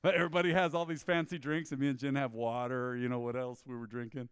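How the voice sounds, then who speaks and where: A man's voice: mid-range voice, fast, smooth, dry recording, big-room sound. A male pastor, preaching a conversational sermon and acting out the people in his stories. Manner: animated storytelling, mimicking people in quoted asides. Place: church.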